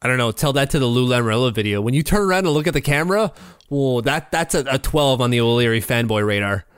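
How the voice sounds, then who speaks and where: A man's voice: medium pitch, animated, fast, smooth, dry recording, clean studio sound. A man co-hosting a casual chat, teasing his co-host with jokey banter.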